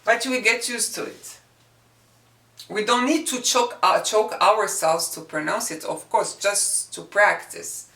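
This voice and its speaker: A woman teaching the sounds of a script in a language lesson, slowly repeating each sound to demonstrate it. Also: mid-range voice, gravelly, sharp tone. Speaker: Arabic teacher. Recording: echoey room, mic at a distance.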